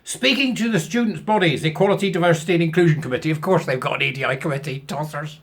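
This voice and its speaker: A man's voice: on the high side, quick pace. A man, reading out a news article and mocking it sarcastically, laughing often at his own jokes. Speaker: commentary channel host.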